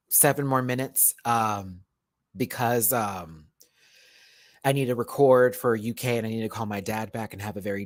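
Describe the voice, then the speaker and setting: A man's voice: mid-range voice, a bit bright, no room sound. A young man hosting his own livestream, talking heartfelt and rambling to viewers while emotional and near tears, often repeating and restarting words. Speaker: YouTuber host.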